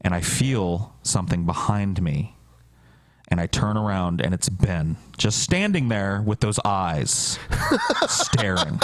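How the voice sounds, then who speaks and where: A man's voice: low-pitched, big pitch swings, takes it slowly, no echo. A man telling a wild story on a podcast, casual and profane, often laughing through it. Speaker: podcast guest.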